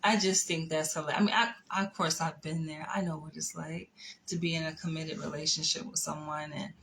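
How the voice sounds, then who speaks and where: A woman's voice: low voice, little pitch movement, brisk, vocal fry, a bit bright, a little hiss or hum, low-quality recording. A woman casually telling a personal story, chatty, with laughs, asides and the odd whisper. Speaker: vlogger.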